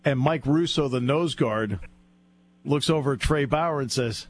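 A man's voice: medium pitch, a little slow, a little hiss or hum. A man telling a funny anecdote as a guest on a sports radio show, laughing often as he goes. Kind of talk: casual radio chat, storytelling.

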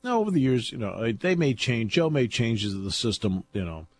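Husky-voiced chatty man. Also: mid-range voice, moderate pace. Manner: chatty, laughs often, animated storytelling. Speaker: football analyst. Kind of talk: casual chat.

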